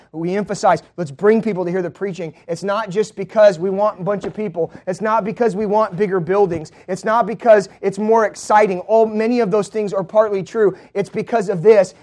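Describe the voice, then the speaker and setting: Guy preaching a sermon, high voice, goes from low and quiet to loud and fired up. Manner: builds from low, quiet teaching to loud, high-pitched proclaiming.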